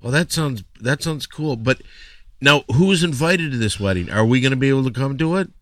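A male host asking questions in a deadpan, mock-serious way. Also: medium pitch, brisk, dry recording, studio quality.

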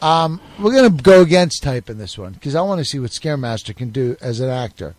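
A man co-hosting a comedy podcast, narrating an improvised scene in a playful, deadpan way. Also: medium pitch, fairly quick, no echo.

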